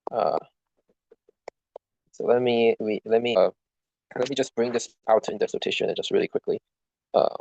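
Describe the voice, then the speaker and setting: A man's voice: medium pitch, normal speed, gravelly, pauses often, a little mellow, no echo, poor audio. A young man talking through a study review, rambling and self-deprecating, swearing at his tablet now and then. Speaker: student reviewing for an exam. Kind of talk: casual screen-recorded study walkthrough.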